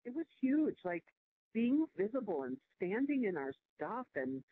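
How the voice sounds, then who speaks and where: A woman guest on a podcast interview, telling a personal story in an animated way with many fillers and restarts. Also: medium pitch, a little slow, a little hiss or hum. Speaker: podcast guest, nonprofit president. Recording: dry, phone-like call audio.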